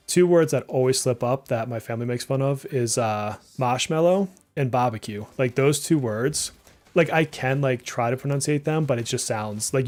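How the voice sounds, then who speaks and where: A man in his thirties with a slight Massachusetts accent chats casually as a live game streamer. He rambles and reacts out loud to the action, in a voice of ordinary middle pitch. Game music plays faintly behind him. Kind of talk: casual live gameplay chat.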